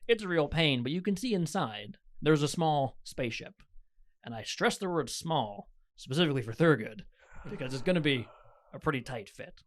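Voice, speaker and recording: A man narrating as game master, describing scenes in a relaxed, lightly joking way. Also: on the high side, a little fast.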